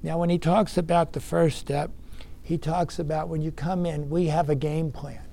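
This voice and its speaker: Earnest gravelly man giving a recovery talk. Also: fairly high pitch, little pitch movement, normal speed, mellow. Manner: earnest storytelling with emphatic bursts. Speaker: speaker sharing recovery experience.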